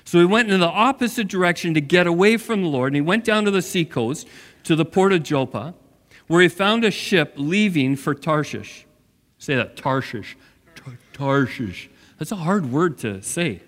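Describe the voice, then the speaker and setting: Male pastor, animated sermon delivery, slightly high voice, echo of a big hall. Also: normal speed. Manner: dramatic storytelling with asides to the congregation.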